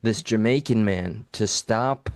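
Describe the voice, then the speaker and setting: A man co-hosting a live call-in talk show, telling a story in a blunt, profane, animated way. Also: on the low side, slow, vocal fry, no room sound, studio quality. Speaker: podcast co-host.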